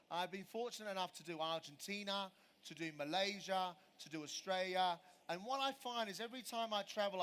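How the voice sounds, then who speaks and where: On a show stage, a middle-aged celebrity chef runs a live cooking demonstration, talking with the audience and fielding their questions. His voice sits high and has a sharp tone.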